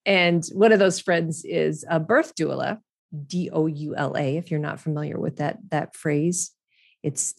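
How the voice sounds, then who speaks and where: A middle-aged woman hosting a solo podcast, talking candidly in a chatty, frank way with casual swearing. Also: deep voice. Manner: candid, chatty and profane, with frequent restarts and laughter. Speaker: podcast host.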